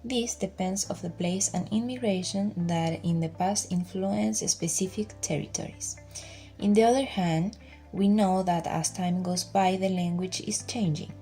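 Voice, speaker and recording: A woman's voice: lowish voice, a little slow, warm tone, soft background music. A woman presenter reading a summary steadily from a script. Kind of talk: read-aloud summary.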